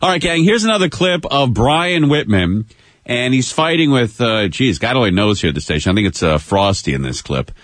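A man's voice: medium pitch, very animated, moderate pace, a bit bright, no room sound. A man hosting a radio talk show, wisecracking and introducing clips in casual banter.

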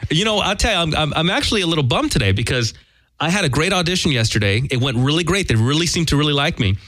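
A man's voice: on the high side, fast. A man co-hosting a casual radio talk show, joking and making fun of himself as he chats with his partner. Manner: animated, jokey, self-deprecating. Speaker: co-host.

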